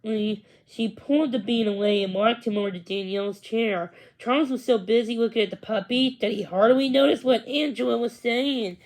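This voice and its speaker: A woman reading a children's book aloud, narrating slowly, carefully and expressively. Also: a little high, a little mellow, poor audio. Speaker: storybook reader.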